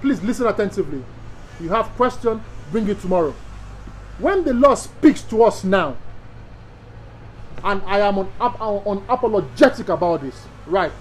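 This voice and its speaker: A man's voice: high voice, expressive, normal speed, pauses often, a little hiss or hum, poor audio. A man from Nigeria with a Nigerian accent, a pastor giving an emphatic teaching sermon to other pastors, repeating key phrases and asking rhetorical questions.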